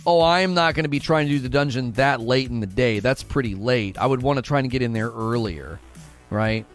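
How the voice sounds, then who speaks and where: A man's voice: mid-range voice, brisk, soft background music. A man streaming a game, chatting casually with viewers, reading their messages aloud and often restarting his sentences. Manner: animated, restarts often, reads chat aloud. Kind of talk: casual live-stream chat while gaming.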